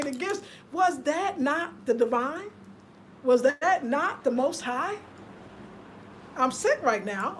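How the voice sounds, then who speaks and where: Expressive woman chatting on a livestream. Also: high-pitched, a little hiss or hum. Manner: expressive, swings between loud laughter and hushed murmurs. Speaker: vlogger. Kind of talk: casual livestream chat with viewers.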